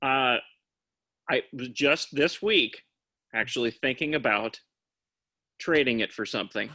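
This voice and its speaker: A man's voice: mid-range voice, a little slow, sharp tone, dry recording. A man guesting on a podcast, giving short, easygoing answers and laughing often. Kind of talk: casual chat.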